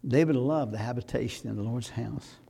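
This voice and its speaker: A pastor, preaching a sermon that rises to loud, fervent exhortation. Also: male voice, medium pitch, fairly quick, gravelly, breathy edge.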